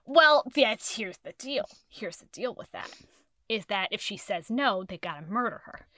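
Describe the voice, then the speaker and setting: A woman in casual chat, rambling and animated as she recaps a book, swearing freely. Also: mid-range voice, normal speed, dry recording, studio quality. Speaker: podcast co-host reviewing a book.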